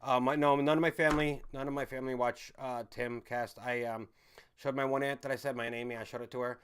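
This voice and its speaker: A man talks casually to his livestream chat in a loose, rambling way. His voice sits at an ordinary middle pitch. He swears freely and breaks into laughter often. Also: little pitch movement, fairly quick, a little hiss or hum. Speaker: livestream host reading viewer chat. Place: home in a city.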